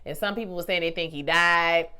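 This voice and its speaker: Animated woman with a bright, salty voice. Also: brisk, clean tone. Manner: animated, swings between loud exclaiming and low musing; salty slang, addresses viewers as y'all and baby. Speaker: vlogger reviewing a TV series. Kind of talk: casual chat.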